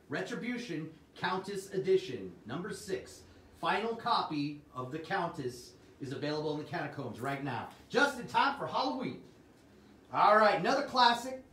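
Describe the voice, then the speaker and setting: A man's voice: high-pitched, a bit bright, distant mic. A man hosting a livestream sales show, with upbeat salesman patter and chatting with his viewers. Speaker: host. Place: Arizona. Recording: roomy sound from off the mic.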